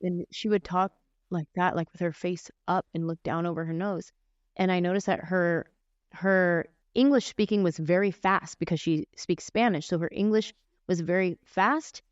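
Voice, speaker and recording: Guesting on a podcast interview, a woman comedian in her forties shares casual stories with lively impressions of voices and gestures. She speaks at a moderate pace in a lowish voice, captured in a dry, slightly muffled lo-fi recording.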